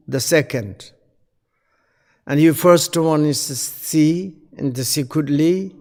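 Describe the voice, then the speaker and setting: Man, Buddhist teacher, halting English, slightly high voice, long reverb. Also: darkish tone. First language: Tibetan. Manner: halting non-native English, restarts and repeats phrases. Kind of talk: teaching a dharma seminar.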